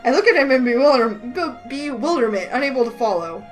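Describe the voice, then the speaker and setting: A woman reading a romance game aloud in a lively, excitable way, with faint music behind her. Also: high-pitched, fairly quick, rough recording. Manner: lively, excitable, voices the heroine with outbursts. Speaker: gaming channel host reading a visual novel.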